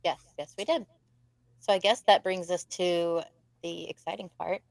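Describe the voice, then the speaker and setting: A woman co-hosting a live podcast, chatting casually with quick laughs and self-deprecating asides. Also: on the low side, fairly even intonation, creaky, no echo. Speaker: podcast co-host.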